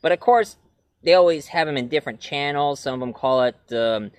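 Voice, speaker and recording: A man's voice: on the high side, brisk, clean tone, no echo. A man reviewing classic cartoons in a rambling, casual way with many fillers. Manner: rambling, frequent fillers, breaks into cartoon voices.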